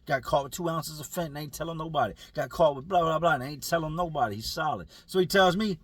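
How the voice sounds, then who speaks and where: A man telling a prison story in casual street slang, lively and full of acted quotes. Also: fairly high pitch, fast talker, few pauses, slightly rough, no room sound. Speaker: storyteller recounting prison life.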